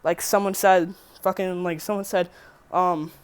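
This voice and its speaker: A woman's voice: fairly low pitch, fairly even intonation, a little slow, clear, resonant tone. A teenage girl rambling through a casual storytime vlog, swearing freely and correcting herself as she goes. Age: teen. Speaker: vlogger.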